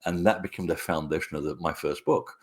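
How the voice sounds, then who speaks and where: A middle-aged man, a guest author, telling anecdotes in a relaxed, rambling way with many hesitations. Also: low voice, a little fast. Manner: rambling, hesitant with frequent fillers. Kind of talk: conversational storytelling interview.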